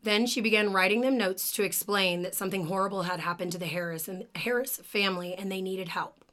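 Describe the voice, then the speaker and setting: A woman's voice: medium pitch, brisk, fairly bright tone. A young woman co-hosting a true crime podcast, telling the case in a casual, chatty way with lots of "like" and some swearing. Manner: casual, swears, says "like" often, emotional about the case.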